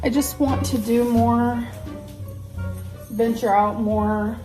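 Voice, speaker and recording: This is a casual cooking vlog: a young woman standing at her stove, talking to camera in a rambling, loose style packed with "like." She speaks slowly at a fairly high pitch with fairly even intonation and is a bit out of breath. Background music plays in her echoey home kitchen.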